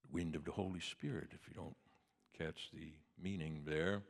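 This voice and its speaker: A man preaching a sermon in a church, swinging from hushed tones to booming cries. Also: fairly even intonation, moderate pace, vocal fry, big-room sound.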